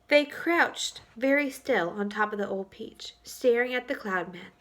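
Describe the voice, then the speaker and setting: A woman teacher reads a chapter book aloud to young students in a clear, expressive voice. She pauses to ask them questions. Her voice is high, bright and crisp. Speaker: third-grade teacher. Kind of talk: storybook read-aloud for children. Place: home, for virtual school.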